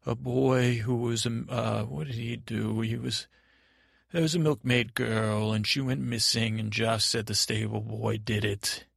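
A man's voice: medium pitch, steady tone, measured pace, creaky, fairly bright tone, husky, no echo, clean studio sound, exaggerated voice. A man playing a timid, dreamy boy prince, stammering and meandering through an improvised bedtime story. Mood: rambling.

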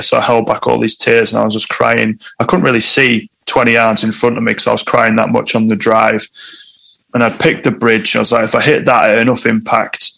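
A man's voice: medium pitch, flat delivery, a little fast, gravelly, pushed and bright, low-quality recording. A man, a guest telling a personal story in conversation, candid and reflective.

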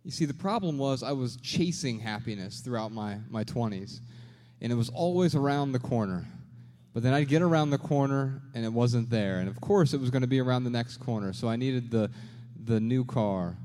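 In a reverberant large venue before a live crowd, a podcast co-host tells his story in an earnest, reflective way. His mid-range voice has a dark tone, lively intonation, and a moderate pace.

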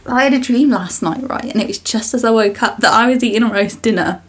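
A woman's voice: a little high, quick pace, slightly rough. A young woman co-hosting a podcast, telling rambling stories in casual chat and often giggling. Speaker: podcast co-host.

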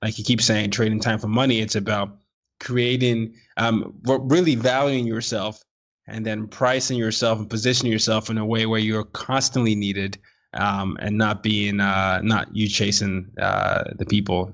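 A man's voice: fairly low pitch, little pitch movement, moderate pace, vocal fry, fairly bright tone. A man hosting an interview, affirming and summarizing his guest's points in a conversational way. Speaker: podcast host. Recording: dull, lo-fi sound.

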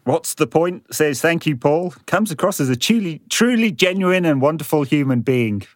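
A man's voice: a little high, animated, moderate pace, no echo. A man co-hosting a podcast, reading listener questions in a dry, sardonic way. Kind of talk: casual podcast chat.

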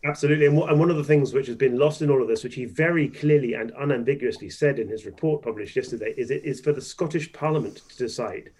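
A man's voice: mid-range voice, quick pace, few pauses, a little mellow. A man, a politician guest on a radio interview, speaking emphatically and repeating phrases for stress.

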